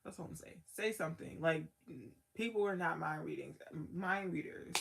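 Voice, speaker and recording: A woman's voice: fairly low pitch, normal speed, vocal fry. A woman giving a casual tarot card reading as the reader, talking in a loose, slangy way full of "like" and trailing thoughts.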